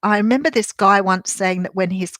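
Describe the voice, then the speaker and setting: A woman's voice: medium pitch, fairly quick, fairly bright tone, no echo. An older woman with an Australian accent, a tarot reader and medium chatting casually on a live stream from a room at home. She rambles, with many ums and restarts.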